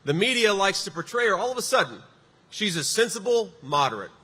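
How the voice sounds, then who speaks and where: A man stirs up a crowd with a campaign rally speech, his voice bright and sitting high for a man. He hits lines with emphatic force and slips in sarcastic asides. The sound carries a long hall echo with faint noise underneath. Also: big pitch swings, a little fast. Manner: emphatic, punchy delivery with sarcastic jabs. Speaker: political candidate at a rally. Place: large rally venue before a crowd.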